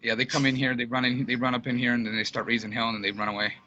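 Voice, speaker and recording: A man's voice: mid-range voice, flat delivery, very fast, sharp tone, lo-fi sound. A man on a podcast as guest, talking easygoing and slangy in casual chat. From Utah. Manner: easygoing, slangy, trails off with fillers.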